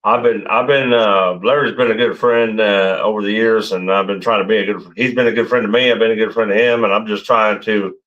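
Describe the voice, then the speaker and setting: A man chatting casually in a halting way that repeats itself. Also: fairly low pitch, steady tone, a bit bright. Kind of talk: casual chat. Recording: lo-fi, from off mic.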